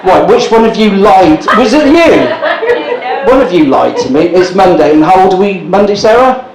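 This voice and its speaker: A man's voice: high voice, expressive, normal speed, a crowd in the background. A man in his sixties hosting a live stand-up comedy night, bantering with the audience in a cheeky, sweary way. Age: 60s. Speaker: stand-up compere. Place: indoor live comedy gig at a brewery. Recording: echoey room with loud background noise.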